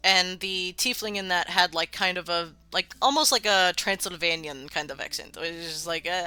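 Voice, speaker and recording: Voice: medium pitch, moderate pace, bright, forceful tone, clear, resonant tone, faint music behind. A streamer chatting casually while building a game world, rambling, laughing often and swearing freely. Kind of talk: casual live-stream chat.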